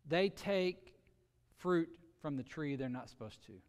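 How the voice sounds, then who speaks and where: A man preaching a sermon earnestly, with sudden shifts between loud emphasis and quiet, drawn-out words. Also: on the high side, animated, clear, resonant tone, in a large hall. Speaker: pastor.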